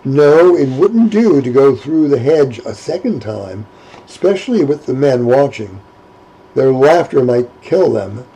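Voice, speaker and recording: A man's voice: medium pitch, big pitch swings, unhurried, dark tone, husky, heavily acted, poor audio. A man voicing a proud, defiant young woman. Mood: dignified, mortified.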